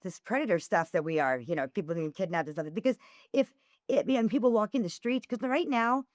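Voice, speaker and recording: A woman's voice: mid-range voice, fairly quick, no echo. A woman guest on a podcast, chatting casually and acting out the dialogue as she tells stories. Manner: animated storyteller who acts out dialogue. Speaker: podcast guest, former swingers event host.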